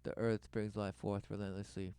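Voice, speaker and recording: A man with a gravelly, creaky voice rambles through a commentary, burst after burst, then drops to a low mutter. The tone is smooth and clear under the grit. The sound is close and dry, with no room around it. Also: little pitch movement, normal speed, dry recording. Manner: swings from loud exclaiming to low muttering; repetitive, breathless wordplay. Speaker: commentator reacting to a documentary.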